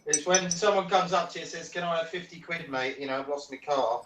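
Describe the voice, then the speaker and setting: A man's voice: a little high, fast talker, noisy background. Male hobby-chat participant, theatrical turn of phrase, distant and echoey pickup. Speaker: participant in online paint and chat. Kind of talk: casual group chat.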